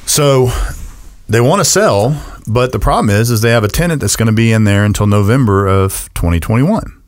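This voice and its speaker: A man, talking on a casual radio show. His voice sits low, but his pitch swings widely as he jokes and laughs his way through stories. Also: moderate pace. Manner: animated, jokey, laughs often. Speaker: real estate agent and co-host.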